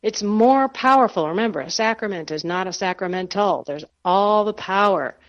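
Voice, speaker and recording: Animated woman telling her story. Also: mid-range voice, normal speed, lo-fi sound. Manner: animated, self-deprecating storyteller. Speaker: guest author. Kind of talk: personal testimony in radio interview.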